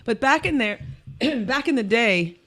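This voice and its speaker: A woman's voice: on the high side, animated, fairly bright tone. Chatty woman co-hosting a podcast. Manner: chatty, quick to laugh and chime in. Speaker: podcast co-host. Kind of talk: casual chat.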